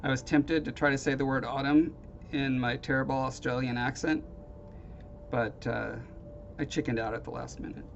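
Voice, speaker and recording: A man's voice: medium pitch, steady tone, moderate pace, creaky. A man casually chatting with viewers on his live stream, rambling and self-deprecating, with hesitant restarts. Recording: dull lo-fi stream audio with faint noise.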